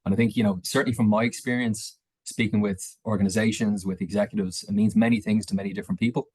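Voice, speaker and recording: Quick, low-voiced male webinar host. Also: steady tone, a little mellow, slightly rough, no room sound. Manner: conversational, hedging with "kind of" and "I suppose". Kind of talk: interviewing a guest. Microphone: video call.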